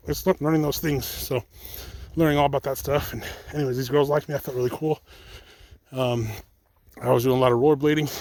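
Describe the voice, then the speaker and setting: Gravelly young man sharing a rambling testimony. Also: medium pitch, darkish tone, dry recording. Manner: rambling, self-correcting, addresses viewers as guys. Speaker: channel host. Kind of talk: casual personal testimony vlog. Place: outdoors, picking up mail.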